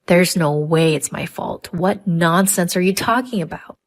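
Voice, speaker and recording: A woman's voice: fairly low pitch, unhurried. A woman voicing a hot-tempered young husband who sides with his mother in a narrated story. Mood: angry. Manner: snappish, blaming.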